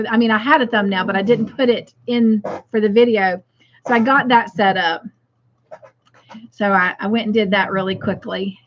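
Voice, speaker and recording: Slow-talking woman hosting a livestream. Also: a little high, lo-fi sound. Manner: chatty, greets viewers by name and reads their comments aloud. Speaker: craft livestream host. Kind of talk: casual livestream chat.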